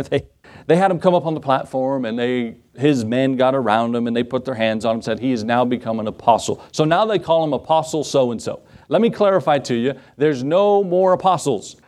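A man's voice: mid-range voice, lively intonation, moderate pace, a little mellow. A man preaching a sermon as pastor, telling folksy stories and acting out the people in them. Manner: folksy storytelling, acts out quotes.

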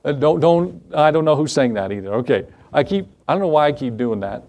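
A man's voice: fairly high pitch, lively intonation, fairly quick, darkish tone. A male pastor preaching a sermon in a conversational way, with rhetorical questions and repeated phrases.

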